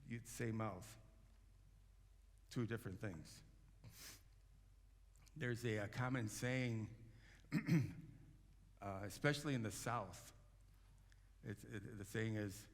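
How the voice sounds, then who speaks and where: A man's voice: lowish voice, moderate pace, creaky, pauses often. A man preaching a sermon as pastor, talking in a loose, conversational way with frequent restarts and fillers. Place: church sanctuary. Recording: long church hall reverb.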